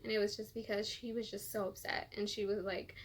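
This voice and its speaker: A woman's voice: mid-range voice, level tone, brisk, husky. A woman vlogger telling a personal story in a rambling way with many fillers, close to tears. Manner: rambling, filler-heavy, emotional. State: tearful, close to crying.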